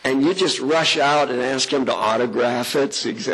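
A middle-aged male pastor preaching in a conversational way, with a slightly husky voice. He leans on rhetorical questions and lifts his voice to stress key words. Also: medium pitch, brisk, a bit bright, rough recording. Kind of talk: sermon.

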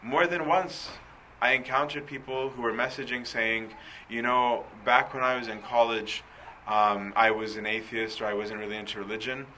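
A man's voice: mid-range voice, steady tone, moderate pace, bright, forceful tone, slight background noise, rough recording. A man giving a conversational sermon, full of rhetorical questions and asides. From Coptic Christian community. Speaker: preacher.

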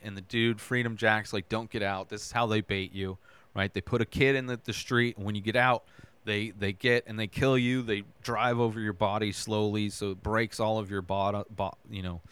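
A man's voice: fairly low pitch, fairly bright tone, clear, resonant tone, no room sound. A man hosting a podcast, casually retelling a TV episode scene by scene, tossing in "right?" and loose quoted dialogue. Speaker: podcast host recapping a TV episode. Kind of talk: casual recap.

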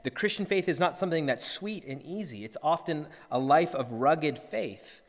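A man's voice: fairly high pitch, normal speed, big-room sound. A man, a pastor, preaching an earnest sermon and acting out the disciples' cries.

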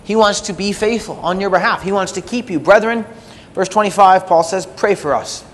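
Animated preaching man in a reverberant hall. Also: normal speed. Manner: animated, emphatic preaching, quieter closing prayer. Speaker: pastor. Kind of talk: sermon. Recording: reverberant hall with faint rumble.

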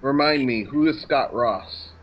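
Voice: medium pitch, a little slow, dull audio, slight background noise. A podcast co-host in a casual TV recap chat, making sarcastic quips. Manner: wisecracking, animated, sarcastic quips.

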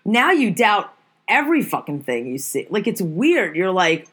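A woman's voice: mid-range voice, sing-song, moderate pace, a bit bright, slightly rough. A woman in a casual, profane conversation, telling stories and ranting animatedly. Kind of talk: casual chat.

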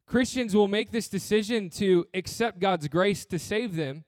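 A man's voice: sits high, a little slow, no echo, studio quality. A man preaching a sermon as pastor, earnest and blunt, with touches of humor and repeated phrases.

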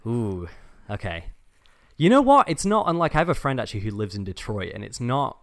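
A man's voice: mid-range voice, big pitch swings, fairly quick. A man with a Northern English accent, chatting casually as an interview guest, friendly and self-deprecating with frequent restarts. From England. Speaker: guest, dungeon master.

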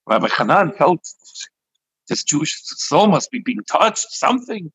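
A rabbi telling a story in an animated way, acting out the dialogue between the characters. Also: male voice, a little high, measured pace, slightly rough, no room sound, low-quality recording. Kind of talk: storytelling sermon.

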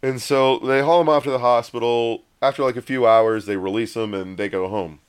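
Man, mid-pitched and smooth, casual rambling storyteller who acts out the quotes. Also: fairly even intonation, fairly quick.

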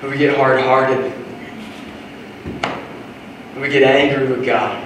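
A man preaching a sermon to a congregation, animated, swinging between shouted lines and hushed asides. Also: medium pitch, takes it slowly, noisy background. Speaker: pastor. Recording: echoey hall, voice from far off.

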